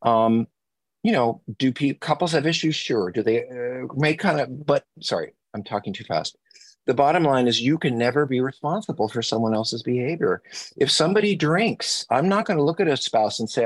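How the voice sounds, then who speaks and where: A man's voice: medium pitch, fairly quick, no echo. Man, podcast co-host, earnest, speeds up on key points, dry close sound. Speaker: podcast co-host, addiction therapist. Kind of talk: conversational podcast advice.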